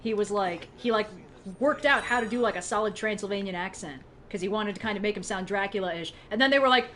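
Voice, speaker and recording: A woman's voice: mid-range voice, quick pace, fairly bright tone. A woman co-hosting a game stream, chatting casually and animatedly, swearing and laughing often. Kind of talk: casual chat over gameplay.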